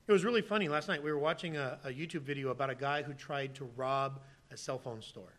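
A man, likely in his thirties, preaching a sermon with lively delivery, acting out pleading voices in sudden loud bursts and then dropping to quiet asides. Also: fairly high pitch, fast talker, hardly any pauses. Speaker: pastor.

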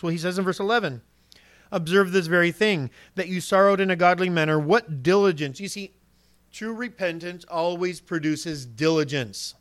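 A man's voice: high-pitched, a bit bright. A man preaching a sermon in an earnest, direct way, asking rhetorical questions and acting out what people might say.

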